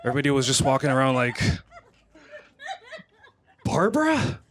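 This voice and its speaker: A man's voice: medium pitch, fast. A man from Kenya tells stories in a stand-up set on a comedy club stage, acting out the scenes as he goes. His voice sits in an ordinary middle range for a man. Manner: storytelling, acts out scenes.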